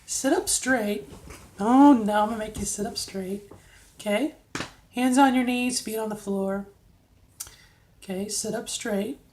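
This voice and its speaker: Chatty coaching woman, fairly high voice. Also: measured pace, long pauses, darkish tone, a little hiss or hum. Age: middle-aged. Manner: chatty, coaching, frequent "okay?" check-ins. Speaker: vlogger giving voice training tips. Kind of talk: casual instructional vlog.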